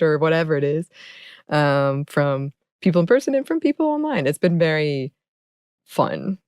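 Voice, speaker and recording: A woman co-hosting a podcast, chatting casually in a relaxed way and laughing easily. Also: low voice, moderate pace, no room sound, studio quality. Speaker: podcast co-host. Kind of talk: casual chat.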